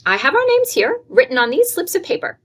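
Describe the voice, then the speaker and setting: A woman's voice: high voice, wildly swooping pitch, fairly quick, fairly bright tone, pitched above the performer's own voice, exaggerated voice. A woman reading aloud and voicing a proud, stern aunt who speaks coldly and commandingly. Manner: cold, clipped, commanding. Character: stern, proud, cold middle-aged aunt.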